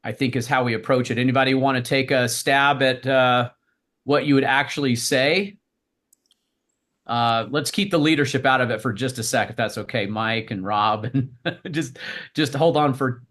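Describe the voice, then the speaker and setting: A man's voice: medium pitch, normal speed, fairly bright tone. Easygoing man leading a team meeting. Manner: uses baseball phrases, loose and encouraging. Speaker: meeting host.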